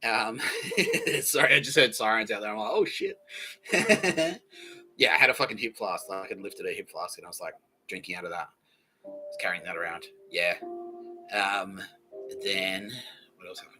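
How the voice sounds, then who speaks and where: An Australian man hosting a solo comedy podcast, rambling and profane, laughing often and slipping into quick impressions. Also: fairly low pitch, sharp tone, soft background music, rough recording. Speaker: podcast host.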